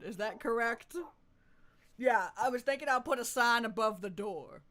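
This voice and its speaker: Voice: mid-range voice, lively intonation, unhurried, long pauses, bright, forceful tone. A streamer giving live gameplay commentary, playfully talking with mock deference and often laughing.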